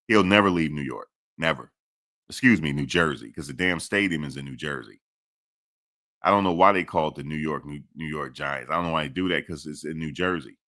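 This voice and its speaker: Low-voiced guy doing sports talk, keeps hammering the same point, curses a bit. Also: bright, forceful tone. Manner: emphatic, repeats his points, swears casually. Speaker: sports commentary host. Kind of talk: casual sports commentary.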